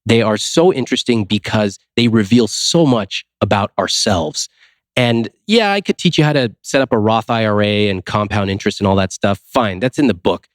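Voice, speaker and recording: A man with a fairly low voice talks through his stories, acting out the lines of the people he quotes. He throws in rhetorical questions as he goes. The sound is dry and close, with no room around it. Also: normal speed, no echo. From United States. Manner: lively, acts out quoted dialogue, rhetorical questions. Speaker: podcast guest, finance author. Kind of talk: casual interview storytelling.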